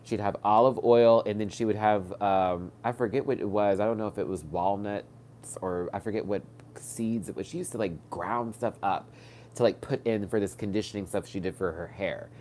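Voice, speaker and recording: A man's voice: lowish voice, normal speed, darkish tone, a little hiss or hum. A man hosting a live stream, stuffed up from crying, telling rambling personal stories with lots of fillers and restarts. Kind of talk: casual personal storytelling. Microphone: webcam or phone mic on a live stream.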